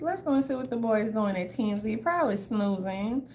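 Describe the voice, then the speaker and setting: Chatty, blunt woman vlogger, higher voice. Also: lively intonation, brisk, a little mellow, a little hiss or hum. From southern United States. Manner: loose, chatty, blunt and profane, talking straight to her viewers. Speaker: vlogger commenting to viewers. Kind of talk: casual livestream commentary.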